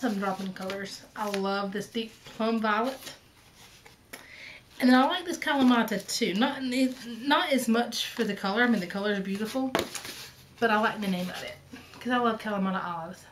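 A woman's voice: medium pitch, normal speed, long pauses, a little hiss or hum, low-quality recording. A woman in her thirties with a Southern accent, hosting a casual vlog in a chatty, rambling way with lots of ums and asides. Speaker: flosstube host.

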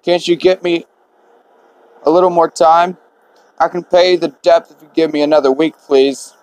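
A man's voice: a little high, level tone, moderate pace, a little mellow, no room sound, close to an everyday voice, low-quality recording. A man voicing a grieving elderly widow who is being evicted from her home. He speaks in an apologetic, motherly way while reading the game's dialogue aloud. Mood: pleading.

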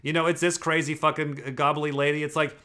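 Brief: male host, rapid-fire and profane, rambling casual commentary, voice sits a touch high. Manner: swearing, rambling, animated.

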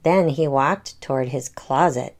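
A woman in her thirties reading a children's picture book aloud, gently explaining words for young listeners. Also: rumbling low, measured pace. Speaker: storytime reader and parent.

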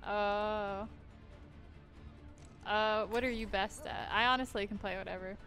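A woman chatting casually in an online game's voice chat, easygoing and quick to giggle. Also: mid-range voice, fairly even intonation, bright, forceful tone, faint music behind. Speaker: gamer in voice chat.

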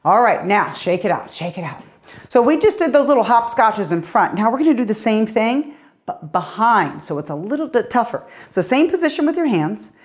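A woman's voice: on the high side, sing-song, normal speed. A middle-aged woman, a fitness coach, leading a guided workout with upbeat, encouraging cues, slightly out of breath.

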